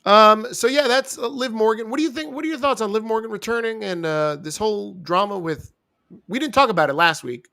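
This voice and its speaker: A man's voice: high voice, fairly quick, vocal fry, pushed and bright. A young man co-hosting a wrestling review, talking in casual, joking banter with teasing asides.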